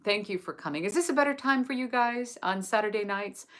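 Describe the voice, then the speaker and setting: A woman from England reading a sacred text aloud and then chatting gently and effusively with viewers on a live stream. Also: mid-range voice, brisk. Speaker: host of a live book study.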